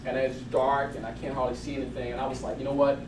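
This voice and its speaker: A man giving a lively motivational talk to a live audience, telling stories and laughing as he goes. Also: medium pitch, quick pace, background noise. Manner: animated, laughing storyteller. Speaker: motivational speaker. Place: event hall with audience. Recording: roomy, distant mic with crowd.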